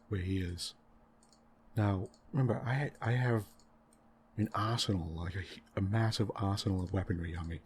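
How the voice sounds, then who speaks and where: Low-voiced man ranting softly about a game. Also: slight background noise. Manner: rambling, exasperated ranting about a game plot; frequent tag questions and fillers. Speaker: gaming channel host. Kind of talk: soft-spoken gaming commentary.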